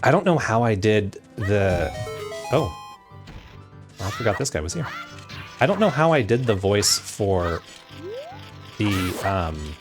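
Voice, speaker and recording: A man's voice: on the low side, expressive, unhurried, long pauses, music in the background. A young man chatting casually and affectionately while streaming a video game, rambling between topics.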